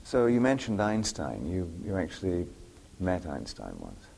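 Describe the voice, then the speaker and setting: A man's voice: low voice, wildly swooping pitch, measured pace, creaky, darkish tone. A man interviewing a guest, asking short prompting questions.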